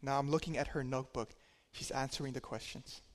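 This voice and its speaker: A man's voice: medium pitch, fairly even intonation, brisk. Man preaching with hall reverb. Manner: conversational storytelling with dynamic loudness swings. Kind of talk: sermon.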